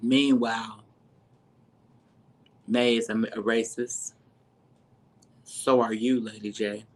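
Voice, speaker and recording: A commentator ranting about a reality show, heated and sarcastic, dropping from low mutters to sudden high exclaims. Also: flat delivery, slow pace, a little mellow. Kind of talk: profane commentary rant.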